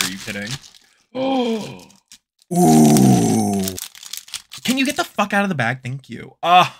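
A man who makes art, unboxing enamel pins for his shop in a casual vlog. He talks in a campy, sassy way, swears constantly and squeals with excitement. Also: a little high, slow, creaky, pauses often, very noisy.

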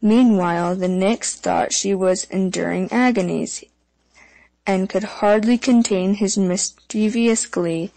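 Dark-toned woman reading fairy tales. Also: mid-range voice, slow, creaky, poor audio. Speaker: audiobook narrator. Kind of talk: fairy tale audiobook narration.

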